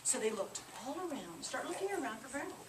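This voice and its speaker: Animated high-voiced woman telling a fairy tale. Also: fast talker. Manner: animated, coaxing, prompting children to repeat lines. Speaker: storyteller leading children in a play. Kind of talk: narrating a fairy tale for children to act out. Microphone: camcorder mic from a distance. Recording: echoey room, camera far off, noisy.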